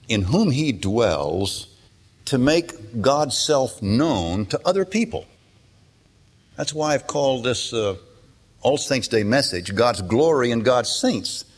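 An older man delivers a sermon with a low voice and an easy, talking-to-friends manner. His pitch rises sharply when he leans into a point and then settles back down. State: emotional at times. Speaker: pastor.

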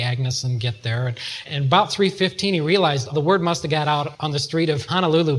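A man preaching a sermon, retelling a story and acting out the voices of its people. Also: a little high. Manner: acts out voices in a retold story, chuckles at times.

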